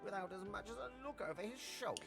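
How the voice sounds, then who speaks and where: A man's voice: expressive, fast, creaky. An actor voicing a proud, chatty male house cat abandoned by a wizard, with theatrical delivery in a video game. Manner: theatrical, with sweeping pitch swings. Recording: game dialogue over faint game music.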